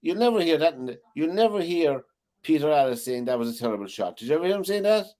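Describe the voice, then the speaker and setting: Animated male talk show host. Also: fairly high pitch, fast. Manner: chatty, asks eager questions, fills with "you know". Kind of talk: casual studio chat.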